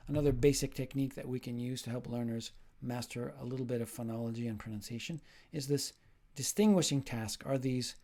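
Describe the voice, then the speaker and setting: In a recorded lecture, a man teaches by explaining ideas step by step, posing questions to the listener and demonstrating sounds and rhythm drills. His voice is medium-pitched and a little mellow.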